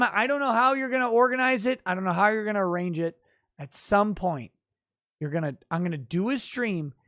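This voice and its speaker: A man hosting a casual livestream, reading viewer comments aloud and breaking into loud, profane, mock-boastful rants. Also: high-pitched, dry recording, clean studio sound. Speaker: livestream host.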